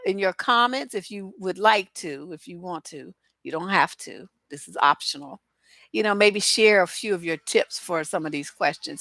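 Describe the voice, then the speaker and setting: A woman's voice: medium pitch, a bit bright, dry recording. A woman relationship coach giving casual livestream advice, chatty and blunt, with many filler phrases.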